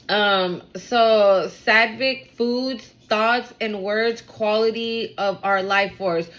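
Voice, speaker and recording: A woman giving a casual spiritual reading to her viewers, talking fast and excitably with lots of slang and casual swearing. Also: medium pitch, low-quality recording.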